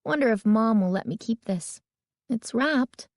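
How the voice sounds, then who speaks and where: A woman's voice: fairly high pitch, animated, darkish tone, no echo, clean studio sound. A woman voicing a chatty young girl who teases with a slightly sarcastic edge. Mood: teasing. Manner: brisk, a bit sarcastic.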